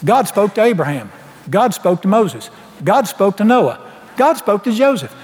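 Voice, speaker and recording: A male preacher with a high, widely swinging voice delivers a sermon built around his own story. He speaks at a normal pace, folksy and animated, playing out each bit of dialogue, while the church hall adds a long ringing reverb.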